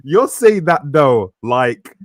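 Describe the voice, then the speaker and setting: A man co-hosting a casual podcast in a mid-pitched voice that rises and falls a lot. He rambles and laughs and often restarts his sentences, and the sound is dry and close. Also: sing-song, takes it slowly, no echo. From Britain. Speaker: podcast co-host. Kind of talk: casual chat.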